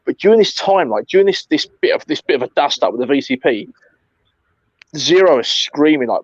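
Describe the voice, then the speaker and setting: A man recounting an airsoft game in casual chat, animated, swearing often and calling his friend mate. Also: on the high side, a little fast, husky, dry recording, dull audio.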